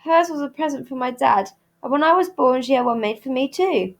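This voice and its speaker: A woman's voice: high voice, animated, brisk, creaky, pitched above the performer's own voice. A woman reading aloud, voicing an earnest, bookish young girl who speaks a little awkwardly. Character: thoughtful, earnest girl who loves books.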